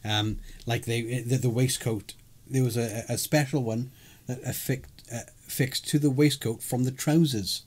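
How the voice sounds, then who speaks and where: A man's voice: mid-range voice, fairly even intonation, unhurried, darkish tone. Rambling, chuckling man. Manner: rambling, chuckling, with many fillers and restarts. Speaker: podcast co-host. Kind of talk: casual chat recapping a live-action role-play event.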